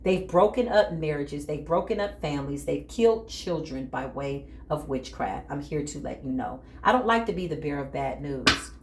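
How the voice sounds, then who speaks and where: A woman's voice: sits low, lively intonation, normal speed, few pauses, a little mellow, reverberant, a little hiss or hum. A woman giving a dramatic spiritual tarot reading, talking straight to her viewers in an emphatic, casual way. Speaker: tarot reader.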